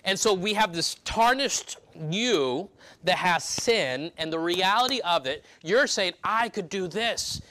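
Bright-voiced man preaching a sermon. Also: high-pitched, lively intonation, a little slow. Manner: emphatic preaching with repeated restarts and rhetorical questions. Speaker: pastor. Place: church.

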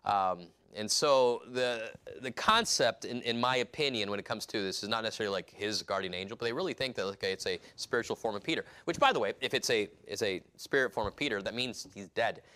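A man preaching an expository sermon, reading scripture aloud and acting out the scenes in lively voices. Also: lowish voice, brisk, few pauses, clean tone. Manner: animated, reads scripture aloud and acts out scenes.

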